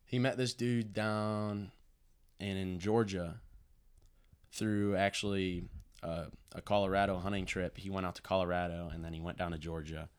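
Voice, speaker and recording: A young man telling a painful personal story in a casual, halting way, full of restarts and fillers. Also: sits low, clear, resonant tone. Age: young adult.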